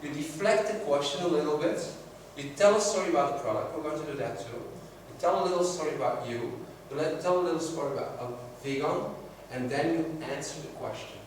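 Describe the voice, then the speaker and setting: A man's voice: fairly high pitch, brisk, few pauses, a little hiss or hum. A man teaching a sales workshop, telling stories and acting out the dialogue. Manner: storytelling, acts out quoted dialogue. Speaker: sales trainer. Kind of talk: classroom workshop talk. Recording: very echoey room, mic far off.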